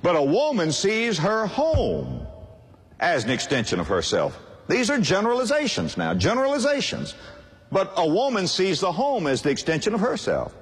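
A man's voice: a little high, wildly swooping pitch, moderate pace. An older man preaching a sermon in an emphatic, repetitive cadence. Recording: long hall reverb.

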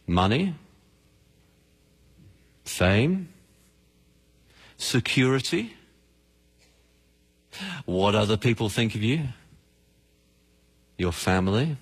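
A man's voice: sits high, huge pitch swings, takes it slowly, long pauses, slightly rough. A man preaching a sermon as a pastor, passionate and emphatic, often repeating words for stress. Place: church. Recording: long hall reverb.

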